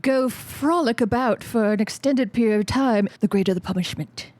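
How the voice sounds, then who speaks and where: A woman's voice: a little high, normal speed, a little mellow, close to an everyday voice. A woman voicing a giant chittering lobster guest who lectures earnestly about a book. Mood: lecturing. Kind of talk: podcast book discussion.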